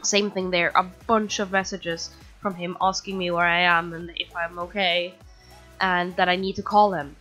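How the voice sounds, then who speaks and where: A woman's voice: on the low side, level tone, moderate pace, bright, forceful tone, soft background music. A woman casually telling a personal story, rambling with lots of fillers and restarts. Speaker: storytime video creator.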